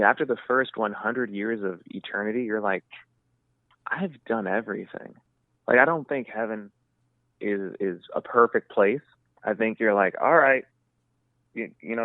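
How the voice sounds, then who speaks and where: Thin-sounding man telling a lively story. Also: lowish voice, no echo. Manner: lively storyteller, acts out quotes. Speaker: podcast guest. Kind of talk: casual storytelling chat. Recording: thin phone-like sound, dry.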